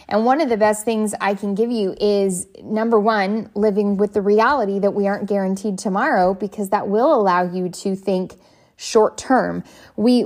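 A woman, likely a parent, giving an earnest, reflective motivational talk, often pausing to search for words. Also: medium pitch, a little mellow. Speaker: parenting speaker.

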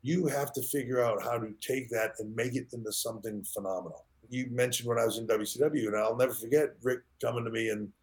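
A middle-aged man speaks as a podcast guest at an ordinary pitch. He tells his stories with energy and slips into other people's lines as he quotes them. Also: quick pace, few pauses. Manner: animated storyteller acting out quoted dialogue. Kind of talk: conversational storytelling in an interview.

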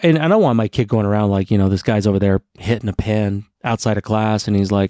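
A man's voice: lowish voice, a little fast, hardly any pauses, dark tone, no echo, clean studio sound. A man co-hosting a casual podcast as a parent, telling rambling stories and swearing freely.

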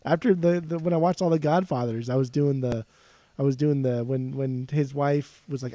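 Swearing jokey podcast dude, mellow dark voice, dry sound. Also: male voice, mid-range voice, a little fast, dry recording. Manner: profane, blunt, jokey. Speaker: podcast co-host. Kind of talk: casual music podcast chat.

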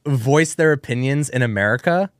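A man's voice: medium pitch, normal speed, no echo, studio quality. A man co-hosting a casual reaction chat, joking sarcastically and laughing often. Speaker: co-host reacting to a clip.

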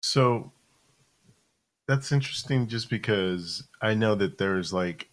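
A man's voice: lowish voice, slow. A man co-hosting a podcast in casual chat, hesitant and searching for words with fillers. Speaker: podcast co-host.

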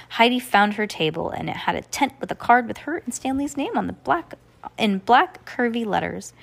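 A woman reading a children's book aloud, with occasional slips and restarts. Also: medium pitch. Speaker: reader.

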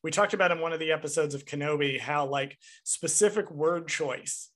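An animated man recaps a movie on a podcast with clear enthusiasm and casual swearing. His voice is bright and sits a little high. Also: moderate pace. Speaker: podcast co-host.

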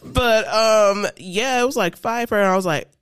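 A young woman telling a funny story on a casual podcast, animated and swearing freely. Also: mid-range voice, normal speed, clear, resonant tone, no room sound, studio quality. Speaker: co-host.

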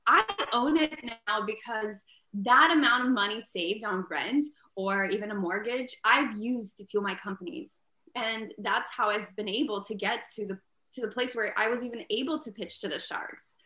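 A woman's voice: a little high, measured pace. A woman entrepreneur being interviewed, talking earnestly and casually with plenty of "like" fillers. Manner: earnest, peppered with "like", grows loud and emphatic. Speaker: entrepreneur and inventor, interview guest. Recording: echoey room.

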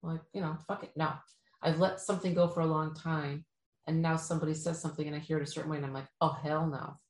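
A woman's voice: low-pitched, flat delivery, fast, a little mellow, roomy sound, low-quality recording. A woman giving casual motivational advice, often checking in with "right?" and acting out what other people might say. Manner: acts out quoted people in bouncy voices, frequent "right?". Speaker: speaker giving life advice.

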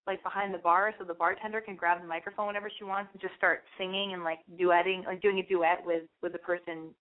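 A woman's voice: lowish voice, flat delivery, fast talker. A young woman hosting a radio show, chatting in a rambling, candid way. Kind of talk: casual monologue. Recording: phone-like lo-fi radio stream.

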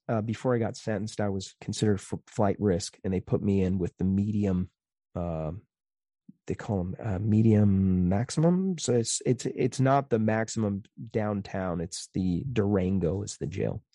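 Low, mellow-voiced man telling a story. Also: no echo, clean studio sound. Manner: halting, rambling, with frequent restarts. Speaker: interview guest. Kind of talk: casual storytelling in conversation.

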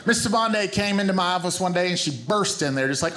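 A man's voice: high voice, a little fast, few pauses, pushed and bright, a little hiss or hum. A man with a Southern US accent doing stand-up, telling a story with self-mocking asides. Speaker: comedian.

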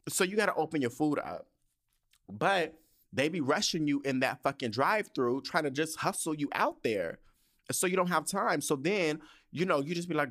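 A man hosting a podcast, telling a profane, animated story in a casual, sassy rant full of asides. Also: a little high, normal speed. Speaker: podcast host.

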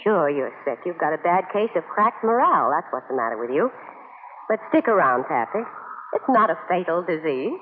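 An actress playing a wry, steady young woman who narrates in 1940s radio drama style, dry and teasing. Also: fairly low pitch, a little fast. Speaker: narrator and farm wife. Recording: tinny, hissy old radio broadcast.

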